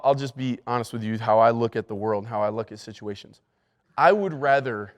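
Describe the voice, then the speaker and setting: Pastor teaching in an echoing hall. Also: male voice, mid-range voice, smooth. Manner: emphatic, repeats key words, frequent restarts. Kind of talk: leadership lesson to church staff. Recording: long hall reverb.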